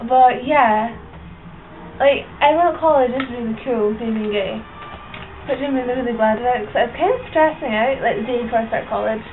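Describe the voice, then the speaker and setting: Teen girl, rambling vlog chatter, slightly high voice, tinny phone-like sound. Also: a little fast. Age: teens, seventeen. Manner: rambling, filler-heavy storytelling. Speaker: vlogger. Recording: tinny lo-fi camera audio with faint hiss.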